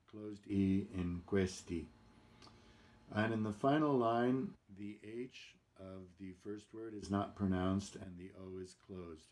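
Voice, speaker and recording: A male diction coach with a low voice and an unhurried delivery. He speaks deliberately, demonstrating each word for singers. His manner is precise and careful. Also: darkish tone. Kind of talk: Italian diction lesson.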